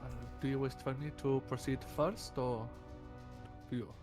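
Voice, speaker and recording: A man's voice: medium pitch, steady tone, moderate pace, music in the background. A man playing a tabletop role-playing game, speaking politely and formally in character. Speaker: player.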